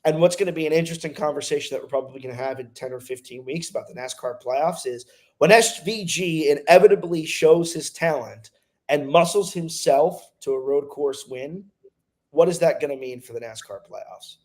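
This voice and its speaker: A man co-hosting a casual racing talk show, giving emphatic, animated opinions. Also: fairly high pitch, fairly quick. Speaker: co-host. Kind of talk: casual racing podcast chat.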